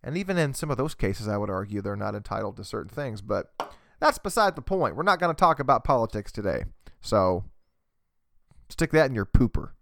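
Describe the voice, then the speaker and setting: A man's voice: lowish voice, big pitch swings, fairly quick, gravelly, fairly bright tone, no room sound. A man hosting a podcast, ranting crudely and mockingly on a desk microphone. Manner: profane, mocking, with mimicked voices. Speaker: podcast host. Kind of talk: crude comedic rant. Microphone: desk USB microphone.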